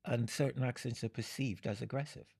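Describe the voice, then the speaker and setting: An older man from Jamaica, speaking in an interview, unhurried and fond of analogies, often breaking into laughter. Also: mid-range voice, steady tone, gravelly, a little mellow, breathy edge. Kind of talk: reflective storytelling.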